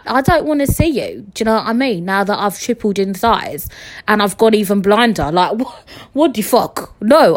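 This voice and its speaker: A young woman chatting casually on her podcast, frank and jokey, swearing freely and talking straight to her listeners. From England. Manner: lively swings in pitch and loudness. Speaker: podcast host.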